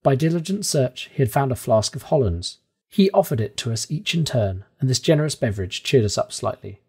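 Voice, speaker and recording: A man reading a classic novel aloud in calm, measured audiobook narration. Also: mid-range voice, slightly rough.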